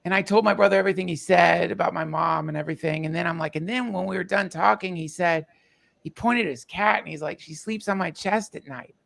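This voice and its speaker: Man, higher voice with gravel, tells a story haltingly with feeling. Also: fairly bright tone. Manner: emotional, halting, many fillers and restarts. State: tearful. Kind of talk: casual storytelling.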